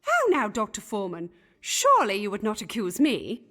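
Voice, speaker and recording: An actress playing a fussy, gossipy Elizabethan gentlewoman who chatters in archaic phrases and is easily scandalised. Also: mid-range voice, huge pitch swings, normal speed, soft background music. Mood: indignant.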